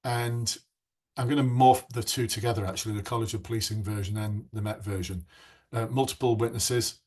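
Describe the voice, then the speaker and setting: A man's voice: fairly low pitch, steady tone, a little fast, darkish tone. A middle-aged man coaching would-be police officers in a live online masterclass, chatting and reacting to viewers' comments.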